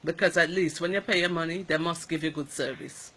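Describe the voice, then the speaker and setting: A woman nurse with an Antiguan accent giving an emotional personal account, emphatic and animated, acting out the dialogue. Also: low-pitched, a little fast.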